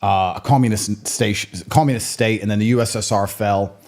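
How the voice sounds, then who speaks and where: A man's voice: on the low side, fairly even intonation, a little fast, darkish tone. A man in his thirties, a guest in a sit-down interview, telling stories and giving opinions in a blunt, provocative, emphatic way. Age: 30s. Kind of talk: conversational storytelling and opinion.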